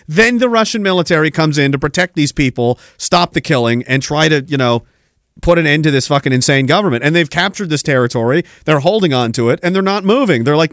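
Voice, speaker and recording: Guy going off on a political rant, kinda high voice, swears a lot, dead dry sound. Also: lively intonation, a little fast, fairly bright tone, dry recording. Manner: heated, profane, sarcastic. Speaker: podcast host. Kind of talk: ranting political commentary.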